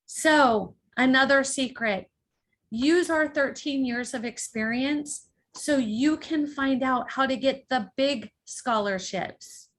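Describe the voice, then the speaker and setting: A woman hosting a college-planning webinar, giving deliberate, emphatic instructions in a scripted presentation over a video call. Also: high-pitched. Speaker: webinar host and college consultant.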